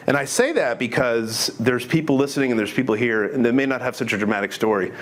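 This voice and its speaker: Barely pausing, a middle-aged man with a mid-range voice and lively intonation races through his testimony to an audience, a faint hiss or hum in the background. He's earnest and conversational, with many restarts and quoted lines.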